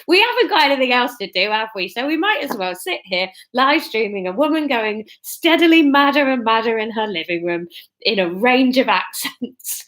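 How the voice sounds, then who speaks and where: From her living room, a woman in her thirties live-streams a reading of her own novel, poking fun at herself and laughing at her own expense. Her voice is fairly high and fairly bright.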